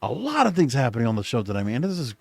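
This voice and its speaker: A man's voice: medium pitch, huge pitch swings, racing, a little mellow, dry recording. A man hosting a solo podcast, recapping in a casual, rambling way with frequent self-corrections, recording late at night. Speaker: podcast host.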